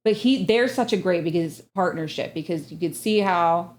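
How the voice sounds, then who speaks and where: This is a woman in casual podcast talk, blunt and lively, who swears without hesitation. Her voice sits a little low for a woman. She talks the way a parent does about everyday family life. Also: moderate pace. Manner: blunt, animated, swears freely. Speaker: podcast co-host; parent of an autistic child. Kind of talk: casual chat.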